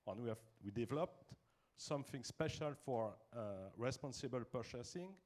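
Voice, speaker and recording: A man with a French accent, a law firm's managing partner, introducing his firm on a business panel in halting English. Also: mid-range voice, animated, darkish tone.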